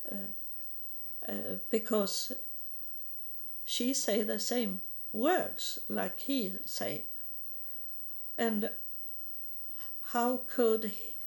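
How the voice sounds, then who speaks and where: A woman from Sweden, giving a halting personal testimony in English and often repeating words. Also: medium pitch, gravelly, darkish tone. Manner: halting, repeats words, non-native grammar.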